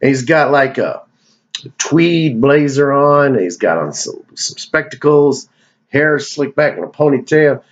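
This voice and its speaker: A man's voice: mid-range voice, a little slow, highs cut off. A man giving a casual, rambling movie countdown, joking and cursing as he goes off on tangents. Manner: digressive, profane, joking. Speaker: movie review vlogger.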